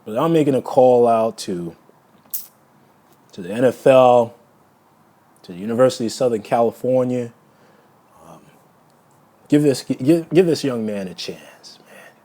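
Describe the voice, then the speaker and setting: A man's voice: medium pitch, lively intonation, a little slow, pauses often, mellow. A man giving a heated solo video rant. He repeats words and restarts phrases as he gets emotional. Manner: angry, insulting, repeats words. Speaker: vlogger.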